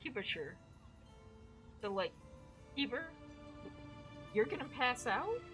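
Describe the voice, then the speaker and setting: A woman streaming a video game, chatting excitedly with a co-player and viewers, swearing now and then. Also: on the high side, slow pace. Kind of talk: casual gaming stream chat. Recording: game music behind.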